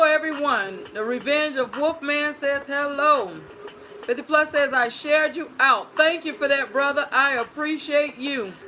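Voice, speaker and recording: A woman hosting a livestream storytime, greeting viewers by name and reading their chat messages aloud. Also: high voice. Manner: greets viewers warmly by screen name, playful and sing-song.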